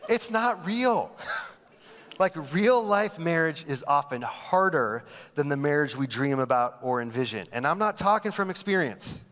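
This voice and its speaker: A man's voice: a little high, expressive, measured pace, a bit bright, long reverb tail. A man preaching a humorous sermon as pastor, telling stories animatedly and mocking the voices he quotes. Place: large church auditorium.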